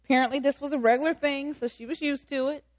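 A high-pitched woman preaches in an emphatic, questioning way, pressing the congregation again and again. The sound is a little dull and lo-fi. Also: fairly even intonation, fast. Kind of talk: sermon.

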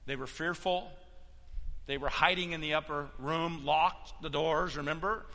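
A man preaching a sermon as pastor, emphatic, swinging between loud declarations and hushed stretches. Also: a little high, steady tone, a little slow, big-room sound.

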